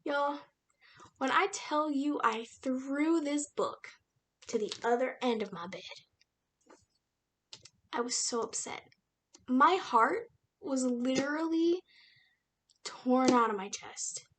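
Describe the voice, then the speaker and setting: A woman's voice: high voice, lively intonation, takes it slowly, long pauses, fairly bright tone, a little hiss or hum. A young woman casually retelling a novel's plot in a chatty, slangy book review vlog, with lots of fillers. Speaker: book reviewer and aspiring writer.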